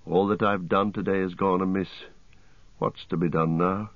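A man voicing a weary, grim male ranger and leader, speaking gravely. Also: low-pitched, fairly even intonation, normal speed, dry recording, muffled recording.

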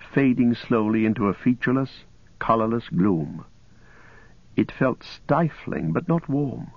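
A man narrating a story aloud in a steady, measured reading voice. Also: lowish voice, no room sound. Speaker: audiobook narrator. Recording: muffled lo-fi audio, dry.

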